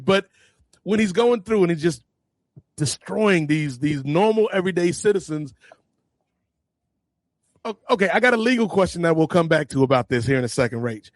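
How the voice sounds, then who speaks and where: A man co-hosting a podcast, his voice on the higher side. He talks casually and gets animated, slipping into quoted lines from the show as he retells it. The sound is dry and close. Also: normal speed, pauses often, no echo. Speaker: podcast co-host. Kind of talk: casual review chat.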